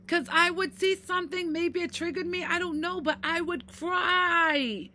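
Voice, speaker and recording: Emphatic woman in her fifties, bright. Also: a little slow. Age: 50s. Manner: emphatic, repeats "right?" often; swings from low and quiet to loud and heated. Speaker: mental health vlogger. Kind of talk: personal talk to camera.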